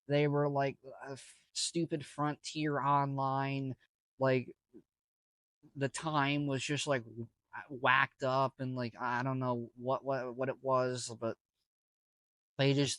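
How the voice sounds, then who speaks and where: A man's voice: medium pitch, little pitch movement, slow, a bit bright, dry recording. A young man casually telling a story, rambling with lots of fillers and restarts. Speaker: vlogger.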